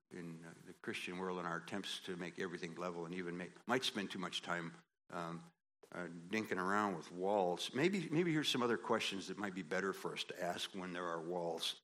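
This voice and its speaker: A man preaching a sermon, animated and folksy, acting out quoted voices and building to emphatic peaks. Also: low-pitched, a little fast. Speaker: pastor.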